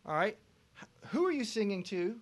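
Guy running a vocal masterclass, kinda high voice, gets loud and animated, sings bits to show stuff. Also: normal speed. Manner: animated, belts out sung examples. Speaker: vocal production instructor. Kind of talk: masterclass lecture to students.

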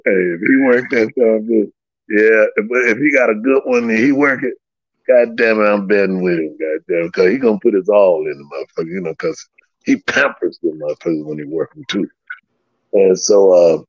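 A guest with a fairly low-pitched voice recounts old stories casually and profanely, laughing often and acting out the dialogue. There's no room sound, and the lo-fi audio is slightly dull.

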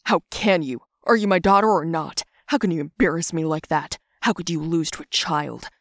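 A woman voicing a stern father who scolds his daughter in a lowered, reproachful voice in an animated story. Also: normal speed, no echo, studio quality.

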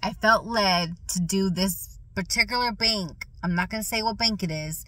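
A woman in a casual faith testimony vlog, talking excitedly while chewing gum and repeating phrases for emphasis. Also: mid-range voice, moderate pace, no echo, rough recording. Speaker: vlogger sharing a faith testimony.

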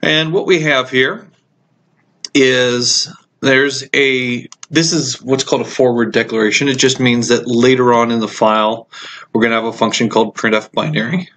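A man teaching a programming course over a screen recording, explaining code in a relaxed way with frequent ums and uhs, while he has the hiccups. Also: mid-range voice. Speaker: computer science instructor. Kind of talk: screencast code walkthrough lecture.

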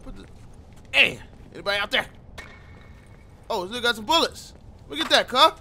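A man giving live gameplay commentary, loud and excitable, with profane play-by-play reactions. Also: very high voice, brisk, a little hiss or hum.

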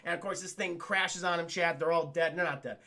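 A man's voice: a little high, steady tone, brisk, bright, forceful tone. A man streaming a casual film recap, rambling and swearing while constantly addressing his chat.

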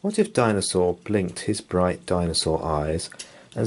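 A man reading a children's bedtime story aloud in a gentle, expressive way. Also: sits low, a little slow.

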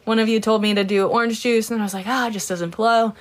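A woman's voice: fairly high pitch, fairly even intonation, quick pace. Casual, swearing woman streaming live. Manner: chatty, greets viewers by name, swears casually, giggles. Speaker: livestreamer. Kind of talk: casual livestream chat.

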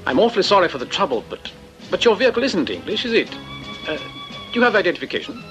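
An actor playing a polite, hesitant British supply captain speaking formally in an old war film. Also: male voice, high voice, wildly swooping pitch, fast talker, fairly bright tone, faint music behind, heavily acted, rough recording. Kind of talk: film dialogue.

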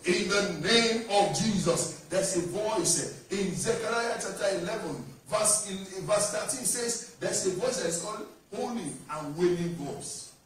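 A man's voice: high voice, a little slow, hardly any pauses, slight background noise. A man preaching a sermon as a pastor, proclaiming in a declamatory style and calling out to the congregation for responses. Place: church. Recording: echoey church hall from far off.

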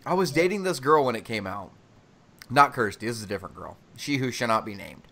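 A man co-hosting a casual online chat, telling a long story in an animated, profane way and acting out what people said. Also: medium pitch, fast, creaky. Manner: animated, profane, acts out quotes. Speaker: podcast co-host.

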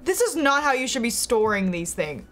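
High, lively giggly streamer woman. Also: normal speed. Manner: chatty, giggly, talks to chat while playing. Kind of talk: casual live-stream gameplay chat. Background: game music.

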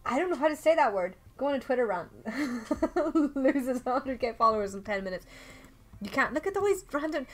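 A young Irish woman chatting casually through a game livestream, excitable and talking to her viewers and the game characters. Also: on the high side, fairly quick. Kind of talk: casual let's play commentary.

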